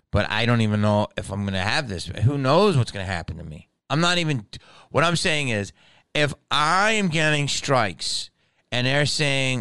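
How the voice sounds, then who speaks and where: A male comedian rants straight to camera in a comedic monologue, profane and animated. His voice is smooth and clear, and the recording is dry and close. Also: mid-range voice, no echo.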